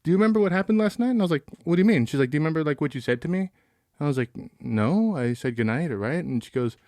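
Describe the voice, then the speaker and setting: A young man tells a story on a podcast, quick and animated, with fillers and laughter all through. His voice sits a little high and races along. The mic is close and dry. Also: dry recording. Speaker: podcast co-host. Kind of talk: casual storytelling.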